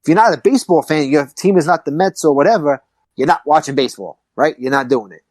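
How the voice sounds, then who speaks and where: A man hosting a podcast in casual chat, talking in an animated, emphatic way that rises to excited peaks. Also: fairly high pitch, fast, dry recording, poor audio. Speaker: podcast host.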